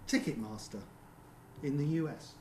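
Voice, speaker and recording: A man presenting at a seminar in a theatre, talking conversationally with frequent ums and quick rhetorical checks with the audience. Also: mid-range voice, mellow. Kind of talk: conference presentation. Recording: roomy venue with faint background hum.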